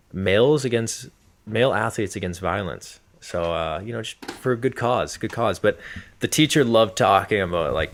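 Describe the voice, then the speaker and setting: A man's voice: on the low side, a bit bright. A young man co-hosting a podcast, rambling casually with lots of filler words. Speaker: podcast co-host.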